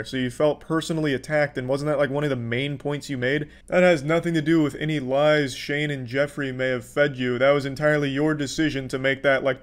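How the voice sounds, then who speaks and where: Sarcastic swearing male commentator. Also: medium pitch. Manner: sarcastic, exasperated, swears freely. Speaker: commentary youtuber. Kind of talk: profane commentary.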